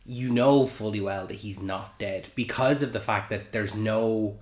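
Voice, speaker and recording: A man co-hosting a casual film podcast, thinking things through in a measured, agreeable way. His voice is fairly low. The recording carries a roomy echo. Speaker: podcast co-host. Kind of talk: casual film review chat.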